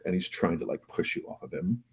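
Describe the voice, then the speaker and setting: A man narrating as game master of a tabletop role-play in a relaxed, halting way. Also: sits low, husky.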